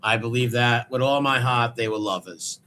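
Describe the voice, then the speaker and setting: A man's voice: medium pitch, steady tone, moderate pace, bright, forceful tone, slight background noise. A man hosting a crude, sarcastic commentary show, mocking clips he plays. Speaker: host.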